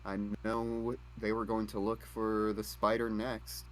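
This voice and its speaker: A man playing a tabletop game on a live stream, dry and reasoning out loud. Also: on the low side, monotone, measured pace, a little hiss or hum. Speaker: player.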